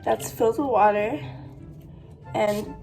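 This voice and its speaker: A young woman vlogging in an easy, unhurried way, her speech loose and full of fillers and little giggles. Her nose sounds stuffy from allergies, and her voice sits a touch high for a woman. Soft music plays faintly underneath. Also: creaky. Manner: giggly, talks with lots of fillers. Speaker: vlogger pranking her boyfriend. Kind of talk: casual chatty vlog.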